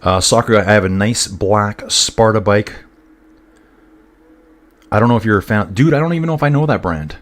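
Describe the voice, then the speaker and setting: A man's voice: lowish voice, moderate pace, pauses often. A man giving casual live commentary on a cycling race, chatting and rambling with his viewers. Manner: chatty and rambling, talks to viewers as "guys" and "dude".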